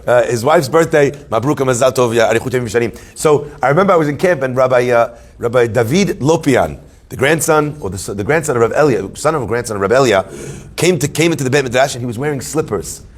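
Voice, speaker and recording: A man, a rabbi, giving a Torah class to a live audience, animated and joking, telling stories and asking questions. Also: mid-range voice, fast. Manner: animated, joking storyteller who asks questions.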